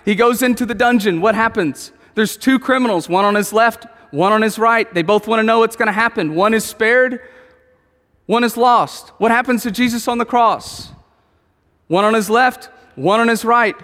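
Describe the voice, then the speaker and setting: A man preaching a sermon in an animated way, asking his listeners questions and telling stories about his family. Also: very high-pitched, big-room sound. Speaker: pastor.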